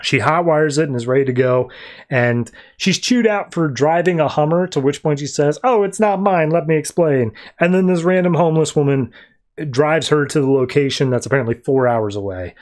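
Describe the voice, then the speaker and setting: A man with a somewhat high speaking voice hosts a podcast and walks through a story in a loose, chatty recap. He fills pauses with "uh" and "like" and throws in offhand asides. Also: a little mellow. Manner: conversational, loose summary with fillers and asides. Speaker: podcast host. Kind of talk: casual comic book recap.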